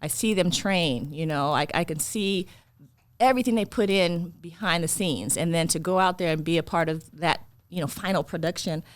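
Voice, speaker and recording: Woman coach on a podcast, lowish voice, earnest, thinks out loud, dry close sound. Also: moderate pace, no echo. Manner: earnest, reflective, with frequent "you know". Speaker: track coach, guest. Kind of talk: casual interview talk.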